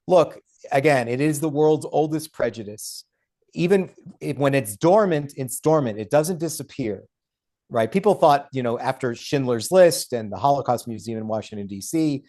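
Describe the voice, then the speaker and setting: A man's voice: medium pitch, darkish tone. A man speaking as the guest author on a podcast interview, emphatic and argumentative. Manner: emphatic and argumentative, with mocking quoted voices. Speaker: guest author and law professor.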